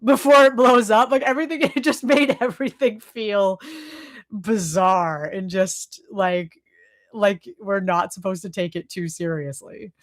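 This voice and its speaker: A woman's voice: mid-range voice, measured pace. Chatty Boston woman streamer. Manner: chatty, many fillers, laughs often. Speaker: streamer reading chat. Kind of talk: casual live stream chat.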